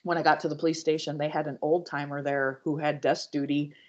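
A woman guest on a podcast, earnestly telling her personal story with halting restarts and speaking straight to her listeners. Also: low voice, little pitch movement, noisy background. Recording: dull lo-fi audio.

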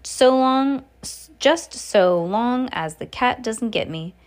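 A cheeky boy-turned-mouse who sounds smug and gleeful, as a woman puts him on. His voice sits a little higher and brighter, the tone of a grinning storybook mouse. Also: animated, takes it slowly.

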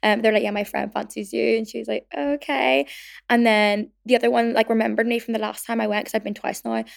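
A woman's voice: fairly high pitch, completely flat delivery, fast, gravelly. A woman in her twenties with a Belfast accent, hosting a podcast in a chatty way, packing her talk with "like" and acting out the quotes in her stories. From Northern Ireland. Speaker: podcast host. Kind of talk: casual chat.

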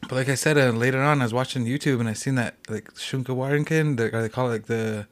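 Man, podcast guest, rapid rambling storytelling, frequent filler words. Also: medium pitch, fairly even intonation. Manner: fast rambling with many "like" fillers. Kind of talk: casual storytelling.

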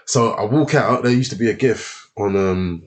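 A man's voice: fairly low pitch, normal speed. A man, a former fighter who is a podcast guest, telling stories in casual chat with a lot of swearing. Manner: animated, profane, often acts out others' lines.

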